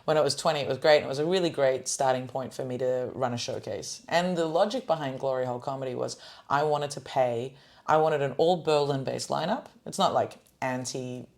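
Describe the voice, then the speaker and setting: A young woman hosting a podcast, chatting casually about comedy shows with lots of fillers and restarts, in a smooth phone-style voice. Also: extremely low pitch, a little mellow. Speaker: podcast host and comedy showcase producer. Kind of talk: casual chat.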